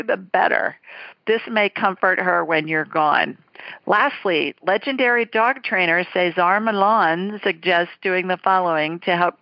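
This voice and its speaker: Chatty low-voiced woman radio host. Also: creaky, no echo, muffled recording. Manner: chatty, playful, laughs easily. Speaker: psychic radio show host. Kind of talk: casual call-in show chat and reading listener letters.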